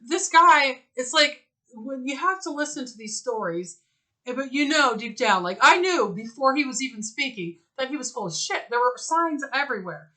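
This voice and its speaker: A woman with a high, bright voice co-hosts a casual talk show. She tells her stories in an animated way, acting out both people in them, and she swears freely. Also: normal speed, rough recording. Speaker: co-host. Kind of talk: casual storytelling chat.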